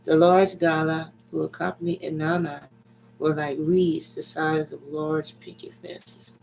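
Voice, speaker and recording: A man giving a slow, dramatic reading of an ancient myth, with deliberate pacing and sudden loud cries. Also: fairly high pitch, gravelly, slight background noise, rough recording.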